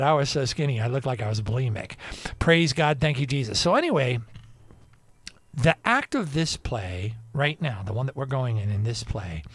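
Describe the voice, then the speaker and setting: A man's voice: mid-range voice, vocal fry, dry recording. A man hosting his own show, rambling through religious commentary and stories and breaking into praise interjections. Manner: animated, swings loud and soft, breaks into praise interjections. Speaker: online show host.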